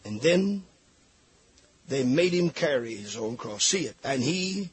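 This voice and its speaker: A man's voice: medium pitch, expressive, measured pace, a little hiss or hum. A man preaching a fervent sermon, reading scripture aloud and pleading with his listeners.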